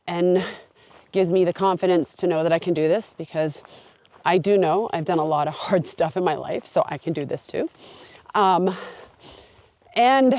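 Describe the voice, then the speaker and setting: This woman's voice sits on the low side with a darkish tone. Hiking a long trail, she addresses her camera outdoors, sharing sincere, open-hearted reflections.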